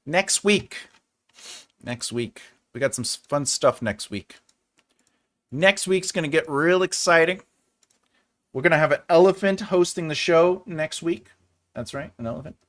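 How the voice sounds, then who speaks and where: A man's voice: on the high side, normal speed, pauses often, a bit bright. A man hosting a writing livestream, chatting casually, laughing often and acting out silly voices when retelling scenes. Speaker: writing channel host.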